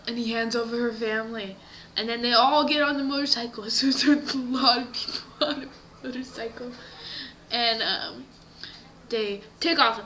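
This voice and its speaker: A woman improvising a story in an animated way, often dropping into breathy whispers. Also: on the high side, normal speed, a little hiss or hum, low-quality recording.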